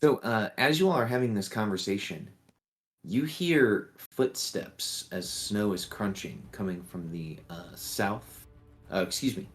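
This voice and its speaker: Game master, male, deep voice, casual halting delivery, faint background music. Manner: relaxed, halting narration with many fillers. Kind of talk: narrating a tabletop game.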